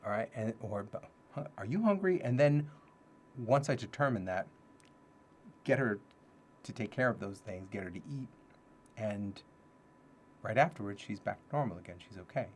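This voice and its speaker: A man's voice: on the low side, normal speed, long pauses, a little hiss or hum. A man hosting a casual livestream talk, thinking aloud and repeating his key phrases. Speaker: livestream host teaching self-development ideas.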